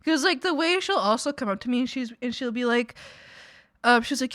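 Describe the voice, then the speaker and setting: Young woman, streamer, giggly rambling chat, bright tone, dry close sound. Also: sits high, expressive, brisk, pauses often, no room sound. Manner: giggly, rambling storytelling, quotes people in her own voice. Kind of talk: casual chat.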